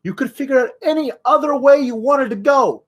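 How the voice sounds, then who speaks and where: A man's voice: very high voice, a little fast. A man hosting a wrestling podcast, ranting in exasperation with frequent swearing. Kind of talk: podcast rant.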